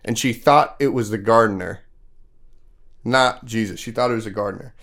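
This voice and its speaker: In a fairly low, slightly bright voice at normal speed, a man hosting a podcast casually tells children a Bible story. He rambles with fillers and keeps checking in with questions for the kids.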